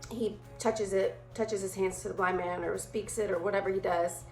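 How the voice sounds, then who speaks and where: A woman's voice: medium pitch, soft background music. Chatty woman teaching Bible study, echoey room. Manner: chatty and animated, acts out quick playful voices.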